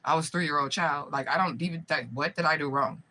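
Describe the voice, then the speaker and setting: Bright-voiced, cursing woman medium venting. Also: low-pitched, a little fast, low-quality recording. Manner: profane, rambling and repetitive; keeps asking listeners if they follow. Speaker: spiritual medium. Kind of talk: emotional direct-to-camera vlog.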